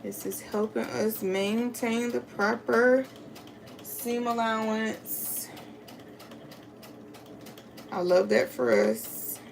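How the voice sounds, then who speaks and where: A woman's voice: on the high side, animated, very slow, vocal fry, pauses often, a little hiss or hum. A woman hosting a live sewing stream, chatting casually with viewers and reading the chat aloud. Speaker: crafting livestream host.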